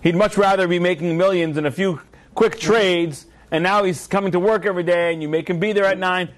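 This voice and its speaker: A man's voice: high voice, steady tone, fairly quick, natural voice. A man voicing a loyal, longtime female executive assistant who reports urgently to her boss.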